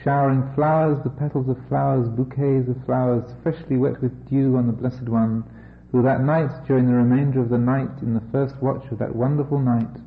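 A man's voice: mid-range voice, fairly even intonation, normal speed, vocal fry, slight background noise. Man reading scripture with wry asides. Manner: wry and amused, breaking off for jokes. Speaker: Buddhist teacher. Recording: echoey, slightly dull room recording.

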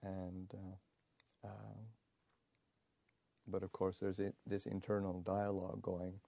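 A Buddhist monk, a man, telling a teaching story in a halting way, full of fillers and restarts, with soft chuckles. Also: deep voice, monotone, vocal fry, no echo. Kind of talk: storytelling dharma talk.

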